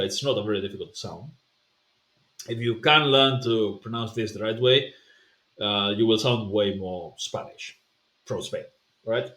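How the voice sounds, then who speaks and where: A man at an everyday middle pitch coaching pronunciation, talking it through with lots of "uh"s and repeated sample sounds. His voice carries a noticeable roomy echo. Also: a bit bright. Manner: explanatory, repeats sounds to demonstrate, many fillers. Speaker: language coach. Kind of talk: pronunciation lesson.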